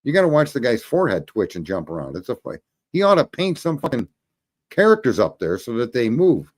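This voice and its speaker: Profane ranting man, lively pitch. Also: brisk. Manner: profane, combative, scolding chat commenters. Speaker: livestream host. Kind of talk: ranting livestream commentary.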